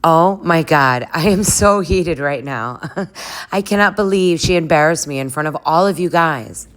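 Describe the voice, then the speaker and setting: A woman's voice: low-pitched, measured pace. A woman voicing an indignant, dramatic young woman in a comedic reenactment. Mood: outraged. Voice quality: whiny, indignant.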